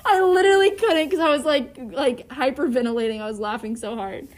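A woman with a high, bright voice talks like a teacher recording a podcast for her students. She tells classroom stories in an animated, giggly way, as if she can barely hold back her laughter. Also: fairly quick. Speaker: middle school teacher. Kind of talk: casual podcast chat with students.

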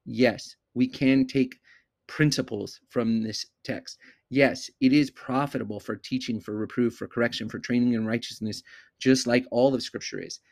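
Deliberate male Bible teacher. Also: mid-range voice, fairly even intonation, gravelly, darkish tone. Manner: measured, deliberate, slows down to stress key words. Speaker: podcast host teaching the Bible. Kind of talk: expository Bible teaching monologue.

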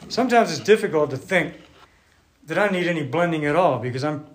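A man giving a sermon to a congregation, unhurried and conversational, thinking aloud with restarts while drawing on a board. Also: a little high, expressive. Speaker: preacher.

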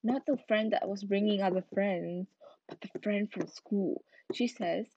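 A woman's voice: mid-range voice, a little slow, a little mellow, a little hiss or hum. A tired young woman hosting her own podcast, telling a story in a rambling casual way full of fillers, sometimes dropping to a whisper. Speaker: podcast host. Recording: muffled lo-fi recording.

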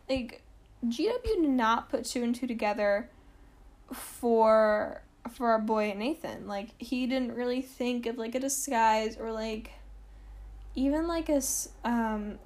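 A woman's voice: fairly high pitch, unhurried, darkish tone. A young woman hosting a history podcast, telling the story casually with lots of fillers, wry asides and mock quotes.

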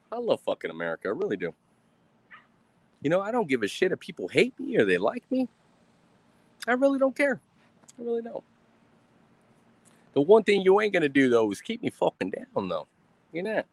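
A man's voice: a little high, no room sound. A man ranting defiantly on a live stream, swearing constantly and mocking his critics with sarcasm.

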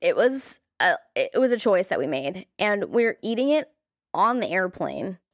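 A woman's voice: mid-range voice, moderate pace, no room sound, clean studio sound. A woman co-hosting a podcast, chatting casually and animatedly about movies, with plenty of "like" in her talk. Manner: animated, chatty, heavy use of "like". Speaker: podcast co-host.

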